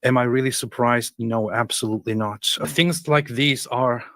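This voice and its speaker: Man, mid-pitched voice with a dry sound, gives blunt, emphatic commentary. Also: moderate pace, a bit bright, no room sound. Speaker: podcast co-host. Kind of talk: opinion commentary.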